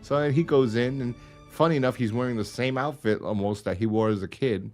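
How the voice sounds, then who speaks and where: A man's voice: mid-range voice, a little fast, a little mellow, soft background music. A man co-hosting a podcast in casual chat, rambling, laughing and swearing as he retells stories. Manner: rambling, swears and laughs often, acts out quotes. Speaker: podcast co-host.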